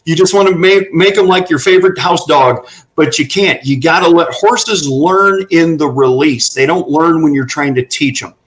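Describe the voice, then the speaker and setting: A man's voice: on the high side, moderate pace, a bit bright, low-quality recording. A middle-aged man telling earnest, folksy stories about working with horses as a guest on a talk panel. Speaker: guest running horse therapy for veterans.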